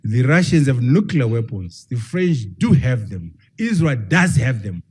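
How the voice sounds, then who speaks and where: Animated husky-voiced man lecturing. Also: medium pitch, a little slow. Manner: emphatic, fires rhetorical questions at the audience. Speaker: professor giving a public talk. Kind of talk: public lecture to a live audience.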